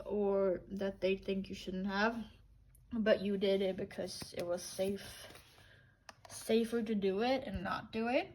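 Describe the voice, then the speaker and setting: A woman's voice: medium pitch, a little mellow, slight background noise, low-quality recording. A woman giving a casual intuitive oracle card reading, rambling and blunt, swearing now and then.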